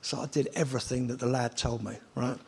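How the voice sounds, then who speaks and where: A man telling a story in a casual chat, animated and sweary, acting out other people's lines. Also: mid-range voice, fast, gravelly, husky. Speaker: TV presenter telling stories.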